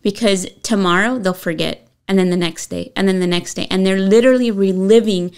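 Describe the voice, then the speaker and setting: A middle-aged woman and mother, co-hosting a casual parenting chat and telling lively stories. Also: medium pitch, a little fast, clear, resonant tone. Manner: animated storyteller who acts out dialogue. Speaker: co-host and mother.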